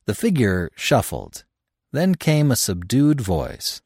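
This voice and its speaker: A man reading a first-person story aloud as the narrator, in an expressive, theatrical style. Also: medium pitch, slow, slightly rough, no echo, studio quality. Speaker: audiobook narrator.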